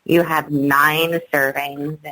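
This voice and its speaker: A woman's voice: low-pitched, level tone, slow pace, pushed and bright, no room sound, poor audio. A woman in casual banter with her partner, blunt and mocking as she teases him.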